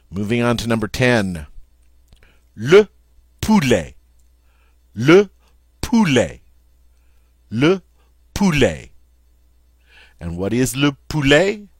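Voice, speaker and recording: A man teaching French vocabulary, repeating each word slowly and with emphasis. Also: medium pitch, sing-song, dry recording, clean studio sound. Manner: slow, careful, emphatic repetition of words. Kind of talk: vocabulary lesson.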